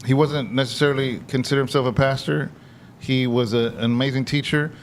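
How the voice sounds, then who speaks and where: A man's voice: mid-range voice, steady tone, a little fast, slight background noise. A man, a pastor, co-hosting a casual podcast chat with laid-back, laughing banter.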